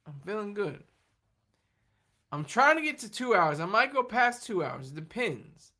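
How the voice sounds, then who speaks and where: A tired livestream host rambles through casual chat with a bright, forceful voice, laughing often and answering viewers' comments as they come up. The pitch sits mid-range. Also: very animated, measured pace. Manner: tired, running on fumes.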